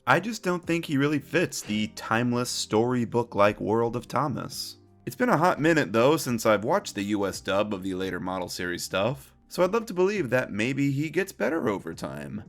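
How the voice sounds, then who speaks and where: Wry male video essayist, lively pitch. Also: moderate pace, hardly any pauses, soft background music. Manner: opinionated, wry commentary. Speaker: retrospective video narrator. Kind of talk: scripted commentary.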